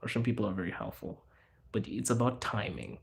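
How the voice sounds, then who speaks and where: A man from Zimbabwe hosting a casual livestream, chatting loosely with viewers and answering their questions in a relaxed, slangy, rambling way. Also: on the low side, brisk, creaky. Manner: relaxed, slangy, rambling with fillers and self-corrections. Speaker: livestream host.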